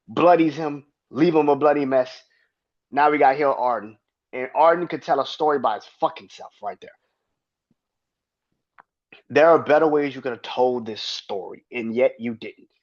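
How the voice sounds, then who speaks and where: A man hosting his own podcast, ranting in a heated, profane and emphatic way. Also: medium pitch. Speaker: podcast host. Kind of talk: solo podcast rant. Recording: dull lo-fi sound.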